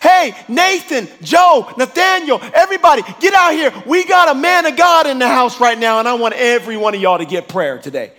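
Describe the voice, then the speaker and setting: A man putting on an amazed, shouting woman. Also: expressive, brisk, hardly any pauses, big-room sound, exaggerated voice. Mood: astonished, excited. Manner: loud, high-pitched exclaiming. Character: amazed excited woman, just healed.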